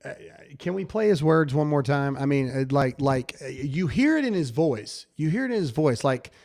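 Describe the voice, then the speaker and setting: A man's voice: on the high side, sing-song, moderate pace, creaky, a little mellow. Emphatic man hosting a talk show. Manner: emphatic, pleading, repetitive stammers. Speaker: show host. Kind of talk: casual talk show with ad reads.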